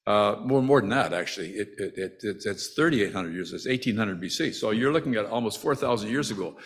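A man's voice: fairly low pitch, expressive, fairly quick, a little hiss or hum. A man preaching a sermon in a conversational way, often restarting his sentences and adding asides. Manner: acts out the brothers' quoted lines with rising emotion.

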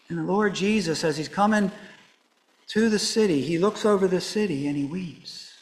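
A man with a high, animated voice preaches a sermon at normal speed, going through a scripture passage verse by verse. He drops to soft, hushed lines and then rises to emphatic ones. The recording is rough.

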